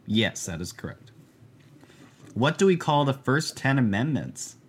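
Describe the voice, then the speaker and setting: A man's voice: medium pitch, sing-song, a little slow, slight background noise. Teasing male podcast host. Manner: teasing, dry joking. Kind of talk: casual podcast chat.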